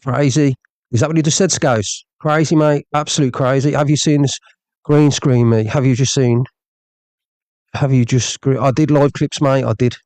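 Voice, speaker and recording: A man's voice: medium pitch, steady tone, normal speed, darkish tone, no echo. A man hosting a livestream, ranting heatedly and saying "mate" over and over. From England. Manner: heated, repeats "mate" often. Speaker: livestream host.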